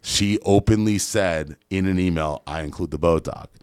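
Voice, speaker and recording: A man's voice: sits low, normal speed, a little mellow, clear, resonant tone, no echo, studio quality. A man who is a guest entrepreneur, telling a story in a casual podcast chat. He is blunt and swears a lot, and he acts out the other people's lines.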